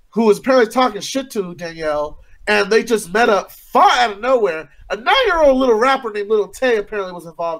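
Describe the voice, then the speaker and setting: A man co-hosting a casual online chat show, crude and joking. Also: high-pitched. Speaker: co-host.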